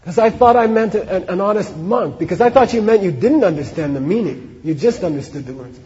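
A man's voice: high voice, animated, brisk, mellow. A man voicing an ugly, smelly old hag who wanders up and questions a scholar. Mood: tearful. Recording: dull echoey hall recording.

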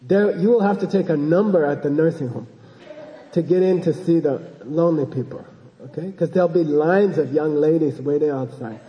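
A man's voice: a little high, normal speed, long reverb tail, muffled recording. A man giving an informal dharma talk as a Buddhist teacher, rambling and joking and often checking in with his listeners.

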